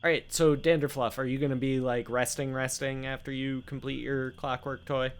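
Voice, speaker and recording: A man's voice: medium pitch, little pitch movement, moderate pace, clear, resonant tone. Joking game master, casual man. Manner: casual, joking, laughs mid-sentence. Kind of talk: narrating a tabletop game.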